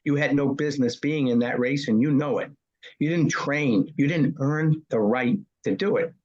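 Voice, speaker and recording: A man's voice: mid-range voice, moderate pace, a little mellow, highs cut off, close to an everyday voice. A man quoting his stern old grandfather.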